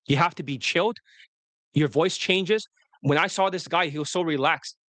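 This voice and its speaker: A man talking fast and rambling as a dating coach on a livestream, often breaking off mid-sentence. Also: on the high side, a bit bright, no echo. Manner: fast, rambling, self-interrupting.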